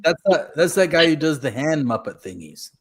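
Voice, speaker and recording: A man's voice: a little high, very animated, normal speed, over a noisy crowd. Wry, teasing man chatting. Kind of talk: casual chat.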